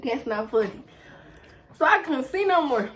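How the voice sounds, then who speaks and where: Lively young woman vlogger telling a story. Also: sits high, normal speed, rough recording. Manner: lively, animated retelling with acted quotes. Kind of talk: casual storytelling during a mukbang.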